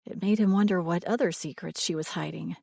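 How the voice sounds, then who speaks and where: A woman reading a romance audiobook in a measured, expressive way. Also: fairly low pitch, gravelly, breathy edge, dry recording, clean studio sound. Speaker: audiobook narrator. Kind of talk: scripted romance narration.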